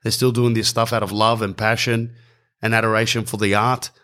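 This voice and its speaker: A man's voice: on the low side, flat delivery, brisk, a bit bright. A man in his thirties with an Australian accent, rambling through a comic story in slangy, casual speech. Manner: rambling, slangy, keeps saying bro. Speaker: comedian storyteller.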